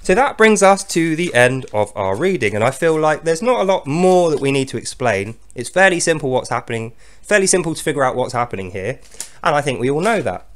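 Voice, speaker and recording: A man's voice: on the high side, big pitch swings, brisk. A man hosting a video, delivering a sarcastic, scornful commentary monologue with frequent chuckles. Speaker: video host.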